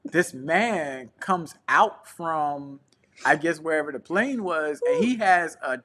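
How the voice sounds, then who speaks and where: A man tells a travel story on his couch, bright and slightly high-voiced. He talks loose and slangy and acts out the people he met. It sounds like a relaxed co-hosted talk show. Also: slow pace. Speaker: podcast co-host and traveling preacher. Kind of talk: casual storytelling chat. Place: home couch.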